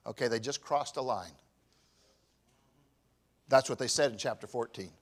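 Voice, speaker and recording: A pastor in his fifties preaching a sermon, swinging from shouted emphasis to quiet, personal confession. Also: medium pitch, moderate pace, long pauses. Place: church.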